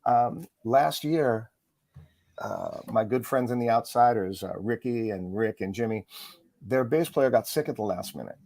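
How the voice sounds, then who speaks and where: A middle-aged man, a musician and author, chatting as an interview guest, rambling quickly through stories with lots of fillers. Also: medium pitch, gravelly, warm tone, dry recording. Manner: fast, rambling storyteller with frequent fillers. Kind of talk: casual interview chat.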